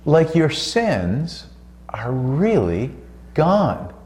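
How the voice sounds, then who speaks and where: A man's voice: fairly high pitch, big pitch swings, a little mellow. A man preaching on a Christian talk show, fervent and emphatic, stretching out his key words. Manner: fervent, drawn-out emphatic delivery. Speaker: co-host preacher. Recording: roomy echo.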